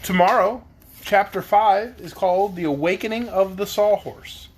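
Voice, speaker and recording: A man's voice: sits high, a little hiss or hum. A man reading a children's book aloud at bedtime, then chatting playfully with his kids.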